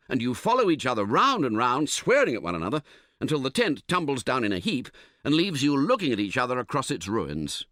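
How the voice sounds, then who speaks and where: Guy reading an audiobook, wry and super lively, dry close sound. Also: medium pitch, no echo. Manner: animated, wry storytelling. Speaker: audiobook narrator. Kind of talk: scripted narration.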